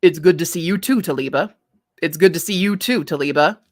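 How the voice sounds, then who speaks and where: A woman's voice: on the low side, fairly quick, close to an everyday voice. Woman doing a smug, prickly young man. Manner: curt and smug.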